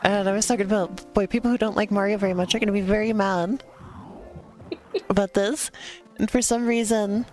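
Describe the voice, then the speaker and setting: A woman's voice: medium pitch, steady tone, normal speed, darkish tone, soft background music. Chatty woman streaming a game. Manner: chatty, laughing asides, teasing pushback. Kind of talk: casual chat while gaming.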